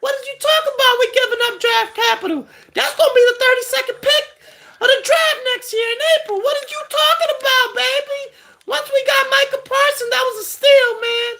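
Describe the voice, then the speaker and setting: A man voicing a brash, high-pitched male fan who loudly taunts and laughs at a rival. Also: steady tone, a little fast, creaky, heavily acted. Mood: taunting. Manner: loud, taunting, laughing, shouting.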